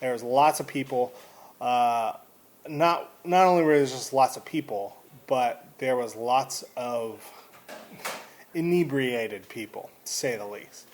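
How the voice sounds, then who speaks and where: A man with a Texan accent casually telling a story to camera, rambling and animated, with frequent restarts. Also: mid-range voice, slow pace, a little hiss or hum. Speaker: vlogger.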